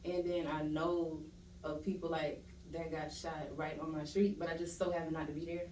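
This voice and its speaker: A young adult woman with a Louisiana accent, a podcast guest telling stories in a casual, animated way, laughing often and quoting herself. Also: deep voice, normal speed. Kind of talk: casual storytelling chat. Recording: roomy room, distant mic, faint hiss.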